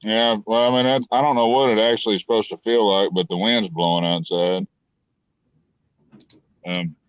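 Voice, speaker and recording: A man's voice: on the low side, no room sound. Guy rambling on a call, folksy, kinda muffled and dry. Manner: folksy, rambling, restarts often. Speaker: guest on a live stream. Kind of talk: casual chat. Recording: dull lo-fi call audio.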